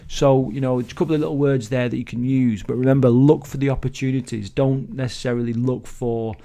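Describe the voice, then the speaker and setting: A middle-aged man teaches a business mindset in a loose, chatty way, swearing freely and restarting his sentences as he goes. His voice is gravelly and dark, sitting at an ordinary pitch. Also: fairly even intonation, a little fast. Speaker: business trainer. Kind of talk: motivational teaching talk.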